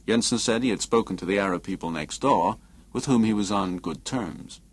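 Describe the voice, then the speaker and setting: A man narrating a novel as an audiobook in a measured, expressive reading. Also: on the low side, husky.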